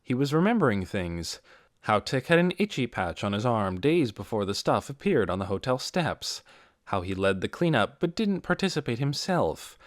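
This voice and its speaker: Guy reading an audiobook, dramatic and measured, dead dry booth. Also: medium pitch, very animated, dry recording. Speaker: audiobook narrator. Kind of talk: scripted narration.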